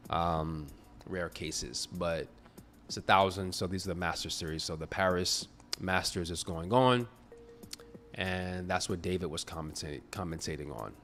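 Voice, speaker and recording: A man with a very low voice chats about tennis in a loose, rambling way, stumbling and restarting his sentences. He sounds a little sleepy, and faint music plays behind him. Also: measured pace, a bit bright. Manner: rambling, self-correcting, chatty. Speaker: tennis video creator. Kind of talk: casual tennis talk to camera.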